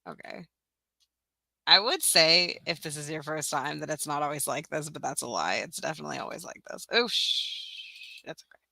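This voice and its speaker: This young adult woman has a deep, gravelly, sharp-toned voice with lively intonation and a moderate pace, recorded dry. A teacher-resource creator hosting a casual live-stream tutorial, she's chatty and self-mocking, talks to herself as she works, and laughs often.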